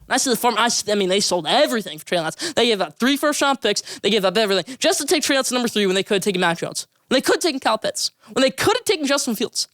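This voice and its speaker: A young man hosting a solo sports podcast, giving rapid, emphatic, opinionated takes and repeating names for emphasis. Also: high-pitched, very animated, fairly bright tone, no room sound, studio quality.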